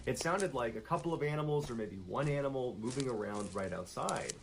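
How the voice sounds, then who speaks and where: A man narrating a true-crime style scary story in a steady, suspenseful storytelling manner. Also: mid-range voice, a little fast, background noise.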